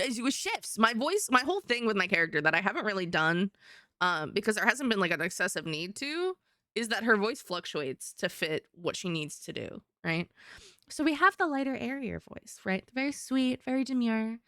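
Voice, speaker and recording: A woman's voice: mid-range voice, sing-song, moderate pace, bright, forceful tone, no echo, clean studio sound. A woman streaming live and chatting casually, laughing often and swearing now and then.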